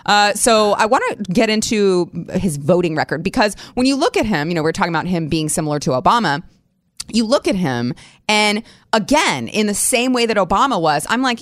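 A woman co-hosting a casual political talk show in a studio, chatty and quick to laugh. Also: mid-range voice, sing-song, no echo. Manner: chatty, laughs easily, reads ad copy conversationally. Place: broadcast studio. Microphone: studio microphone.

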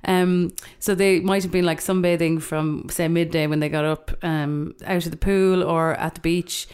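A woman's voice: lowish voice, steady tone, normal speed, a little mellow, clear, resonant tone. A young adult woman co-hosting a podcast in casual chat, chatty and dry, with hesitant fillers.

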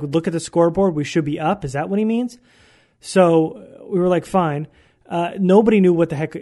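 Young male podcast host, chatty storyteller, slightly high voice. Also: a little mellow. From San Diego, USA. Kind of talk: solo sports podcast, casual storytelling.

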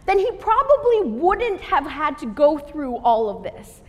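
A woman reading scripture aloud and then explaining it in a measured, teaching sermon. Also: sits high, big pitch swings. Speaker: Bible teacher. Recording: long hall reverb.

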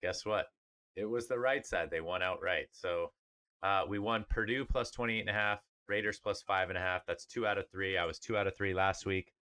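A man's voice: deep voice, moderate pace, pushed and bright. A man co-hosting a podcast, chatting casually about sports in an upbeat, rambling way with fillers. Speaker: podcast co-host.

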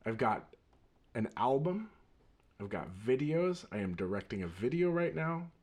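A man hosting his own podcast, telling a story in a rambling, animated way and laughing readily. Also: mid-range voice, a little slow. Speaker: podcast host. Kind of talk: casual storytelling monologue.

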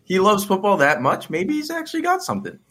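A man's voice: sits high, huge pitch swings, fast talker, pushed and bright. A man co-hosting a casual sports podcast, giving earnest, thoughtful opinions. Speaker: podcast co-host.

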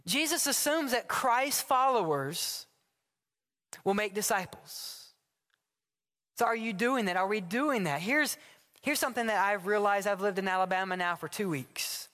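A man's voice: high voice, a little slow. A man preaching a sermon from the pulpit, telling stories and acting out short dialogues. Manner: animated storytelling with acted dialogue. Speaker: pastor. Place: church sanctuary. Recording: long hall reverb.

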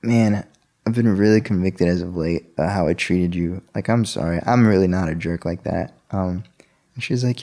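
A man casually telling a personal story and acting out the dialogue with big jumps in his voice. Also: moderate pace. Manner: animated, acts out quoted dialogue with sharp pitch jumps.

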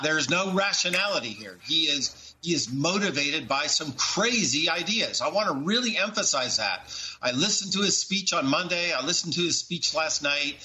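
A man's voice: on the high side, pushed and bright, poor audio. A man giving earnest, emotional commentary as a television news analyst. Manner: emotional, earnest, repeats words.

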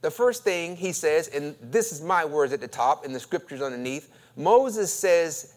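A man preaching a sermon as pastor, drawing the congregation into call and response and acting out quoted questions with a rising lilt, swinging between loud emphasis and quiet asides. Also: on the high side, animated, unhurried.

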